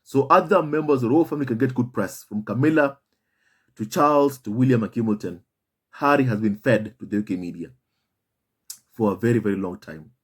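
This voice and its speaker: A man's voice: medium pitch, a little fast, husky. A man hosting a commentary video, speaking emphatically and repeating himself as he addresses his viewers as family. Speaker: commentary channel host. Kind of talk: impassioned commentary monologue.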